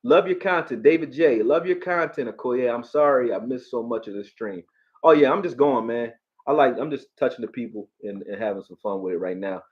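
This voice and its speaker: A man from Philadelphia with a Philly accent, hosting a live football stream, profane and animated, talking back to his chat. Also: mid-range voice, fairly quick, highs cut off. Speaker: sports streamer.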